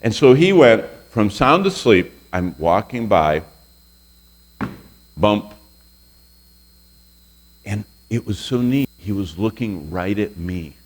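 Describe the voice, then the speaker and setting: A pastor in his sixties teaches a Bible lesson to a room of college students, telling stories and quizzing the class with questions. His voice is on the low side and very animated, and he takes it slowly with long pauses.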